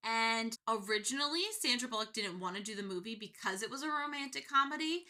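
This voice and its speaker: A woman co-hosting a podcast, chatting casually and telling stories in an animated way with frequent laughs. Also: on the high side, fast talker. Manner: animated storyteller, laughs often. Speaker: podcast co-host. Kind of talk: casual chat.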